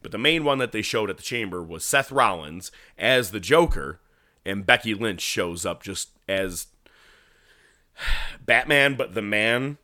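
A podcast co-host with a lowish, unhurried voice chats casually about wrestling in a studio-quality recording with no room sound. He tells stories with lots of energy, swears, and acts out lines from movies.

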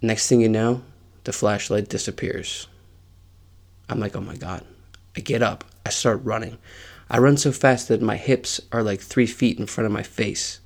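A man in his forties, hosting his podcast, tells a story in a casual and animated way. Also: on the low side, moderate pace, vocal fry. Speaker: podcast host.

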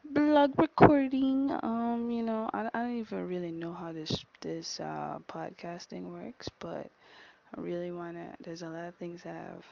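Sassy woman with vocal fry. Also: on the low side, fairly even intonation, normal speed, muffled recording. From Jamaica. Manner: sassy, teasing, chatty with playful jabs. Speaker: podcast host. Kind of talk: casual solo podcast monologue.

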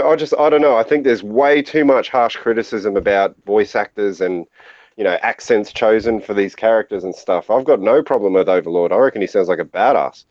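A man's voice: fairly low pitch, darkish tone, dry recording, lo-fi sound. A man co-hosting a podcast, talking through his opinions in a rambling way with lots of fillers. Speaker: podcast co-host. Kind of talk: casual chat.

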